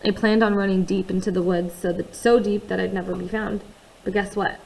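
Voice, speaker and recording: A woman reads a first-person novel aloud, her voice at a medium pitch. She keeps it quiet and confiding, dropping in conversational asides to the listener. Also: level tone, fairly quick, creaky, poor audio. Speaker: audiobook reader.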